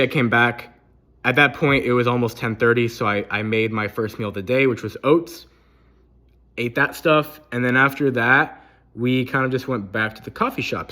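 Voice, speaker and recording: A man's voice: mid-range voice, a bit bright, no room sound. A young man vlogging casually about his day, rambling and swearing, tired and a little out of breath while walking. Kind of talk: casual daily vlog.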